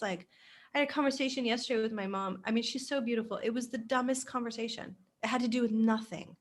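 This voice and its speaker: Woman co-host, lively and expressive, laughs a lot, casual chat. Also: a little high, fast talker. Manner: animated, laughs often, acts out quoted voices.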